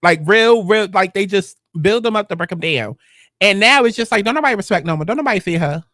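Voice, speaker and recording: Speaking fast, a woman breaks down a TV episode in a casual, foul-mouthed, blunt way, her pitch spiking without warning. The recording is clean and echo-free, studio-grade.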